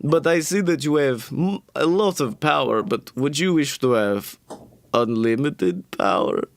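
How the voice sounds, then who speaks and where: A man's voice: lively intonation, creaky, no echo. A man voicing a sly, grinning old male goblin merchant in a put-on Eastern European accent, in a theatrical, coaxing tone. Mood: tempting. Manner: wheedling sales pitch with drawn-out invitations.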